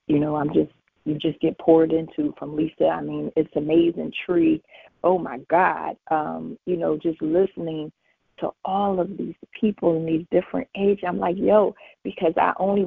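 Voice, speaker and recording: A woman in her forties shares her faith testimony as a guest on a call-in show. Her voice is gravelly and husky, and it comes through a tinny phone line. She tells her story with animation and acts out the conversations. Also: low-pitched, no echo. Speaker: featured guest.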